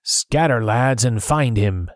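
A man reading aloud and voicing a cruel, bullying blind old pirate leader who barks slow, harsh orders. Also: mid-range voice, animated, no room sound, clean studio sound. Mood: commanding. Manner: barking orders slowly and harshly. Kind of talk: audiobook character reading.

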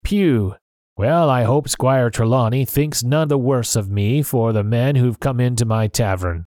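A man voicing a cheery, booming one-legged tavern keeper in a storybook reading. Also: a little slow, a little mellow, no room sound, clean studio sound, natural voice.

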